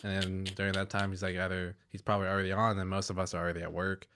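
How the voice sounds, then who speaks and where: A man's voice: deep voice, little pitch movement, very fast, fairly bright tone, a little hiss or hum. A young man in casual conversation, rambling with many restarts and filler words. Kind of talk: casual chat.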